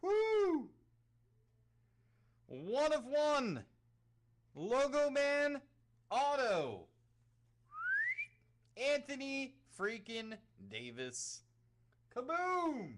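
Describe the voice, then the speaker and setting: A host on a live card break, shouting in disbelief at big pulls. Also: high voice.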